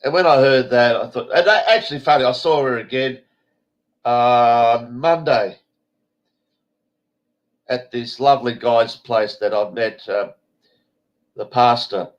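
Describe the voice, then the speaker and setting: A man's voice: medium pitch, steady tone, a little slow, long pauses. An Australian man hosting an online show, congested and stuffy, rambling in a blunt, foul-mouthed, casual way. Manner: swears freely, blunt and rambling. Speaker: show host. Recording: dull lo-fi stream audio.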